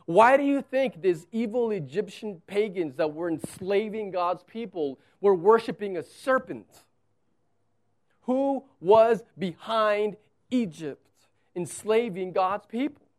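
High-voiced male pastor preaching. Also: animated, slow, a little mellow. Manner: emphatic, acts out quotes. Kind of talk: sermon.

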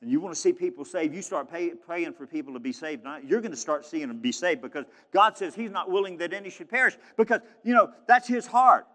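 Man, preacher, bright forceful voice, fervent sermon, echoing church hall. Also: on the high side, brisk, hardly any pauses. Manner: fervent, emphatic preaching with restarts. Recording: long hall reverb.

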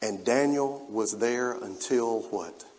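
A man's voice: mid-range voice, slow pace. A man preaching a sermon to his congregation, emphatic and calling out to the room as he reads scripture. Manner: emphatic, rising and falling in loudness, with spoken asides to the congregation. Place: church sanctuary. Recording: preached in a large hall with long reverb.

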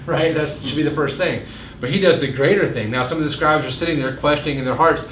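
A pastor giving a casual midweek Bible teaching, chatting with jokes and asides and acting out quoted lines in a raised voice. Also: male voice, fairly quick, fairly bright tone. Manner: conversational, jokes and asides, acts out quotes with rising pitch. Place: meeting room. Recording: roomy echo, faint room noise.

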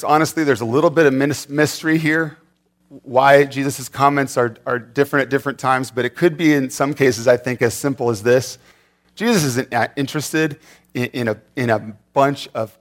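A man preaching a sermon in a conversational way, often repeating words and restarting. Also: mid-range voice. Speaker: pastor.

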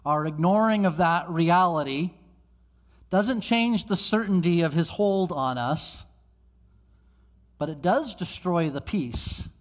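Male pastor, higher voice, earnest sermon delivery with dramatic pace swings; church hall reverb. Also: slow, pauses often. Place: church sanctuary.

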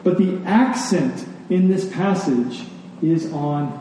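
A man's voice: a little high, takes it slowly, warm tone, slight background noise. A man preaching a sermon as a pastor, emphatic and rhythmic, leaning on key words. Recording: echoey hall, distant mic.

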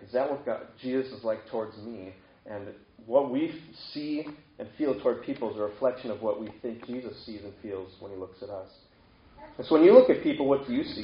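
A man's voice: medium pitch, slight background noise. Conversational male pastor, echoey room. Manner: conversational preaching with rhetorical questions. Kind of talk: sermon. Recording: echoey room, dull lo-fi sound.

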